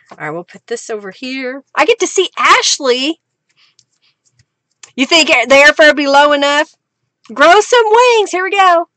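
A woman's voice: high-pitched, pushed and bright, no room sound. A woman hosting a craft livestream, chatting casually with viewers, reading their comments aloud and laughing often.

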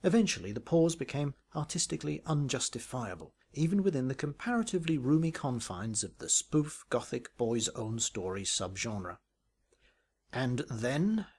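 A man's voice: mid-range voice, sing-song, normal speed, few pauses, darkish tone, slightly rough. A man reading a comic parody story aloud in a dry, wry, arch manner. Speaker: narrator.

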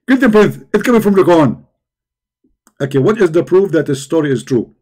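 A man doing a mocking impression of an excitable, boastful male preacher who speaks in rapid, childish bursts. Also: on the high side.

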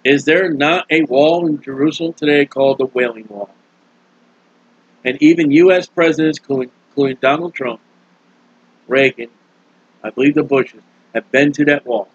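A man's voice: breathy edge, dry recording. A man preaching a sermon in a folksy, scolding way. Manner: folksy, scolding, acts out quoted voices. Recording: dull, dry, low-fidelity recording.

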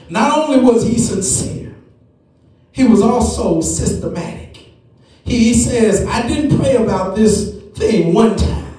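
A man preaching a sermon, stretching his words slowly and rising into chanted, shouted whooping. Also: high voice, animated. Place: large church sanctuary. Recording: echoey church room, mic far off.

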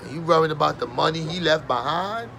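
A man's voice: on the high side, fairly quick, vocal fry, pushed and bright, a little hiss or hum. A man doing a profane comedic rant, mocking and sarcastic, swearing constantly and breaking into fake wailing.

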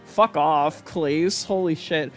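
Profane, sarcastic let's play narrator. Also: male voice, fairly high pitch, takes it slowly. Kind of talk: reading a visual novel aloud with commentary. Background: background game music.

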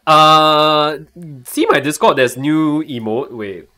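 Man, young, Singaporean English accent, live streamer, casual chat, excitable, laughs often, slightly high voice. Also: takes it slowly, clean tone.

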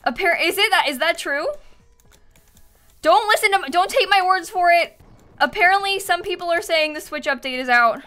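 A woman giving excitable live gaming stream commentary, swinging between panicked shrieks and quiet muttering. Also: very high voice, moderate pace, soft background music.

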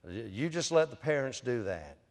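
A man's voice: medium pitch, very animated, normal speed. A man, preaching a sermon as a pastor in a folksy storytelling manner and speaking directly to his listeners as "friend.". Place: church sanctuary. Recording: long church hall reverb.

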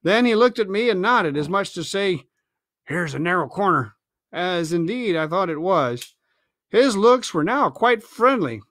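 A man reading a novel aloud at home on a livestream, expressive, with chatty asides. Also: sits high, no room sound, clean studio sound. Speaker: reader. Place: family home, indoors.

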